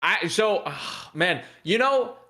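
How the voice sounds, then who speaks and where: A man co-hosting an esports podcast, excitable and joking as he argues his picks. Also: high voice, slow. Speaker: podcast co-host and esports caster. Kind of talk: casual esports podcast chat.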